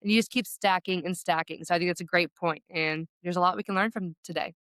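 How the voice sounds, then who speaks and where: A woman's voice: lowish voice, steady tone, quick pace, fairly bright tone, no echo. A woman who founded a sports agency, talking eagerly as an interview guest. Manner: eager, enthusiastic. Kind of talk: conversational interview.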